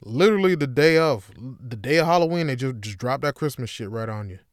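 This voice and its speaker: A man hosting a solo podcast, rambling through a profane comedic monologue that swings between loud bursts and low mutters. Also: lively intonation, fairly quick, no echo, studio quality. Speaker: podcast host.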